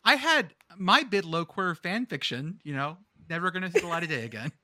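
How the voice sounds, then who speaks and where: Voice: medium pitch, expressive, brisk, pushed and bright. A podcast host in casual banter, rambling and joking, swearing freely.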